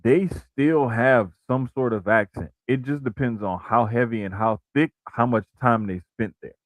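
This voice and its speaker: A man co-hosting a wrestling podcast in relaxed casual talk, full of "like" and "bruh" and frequent restarts. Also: medium pitch, normal speed, no room sound. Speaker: podcast co-host.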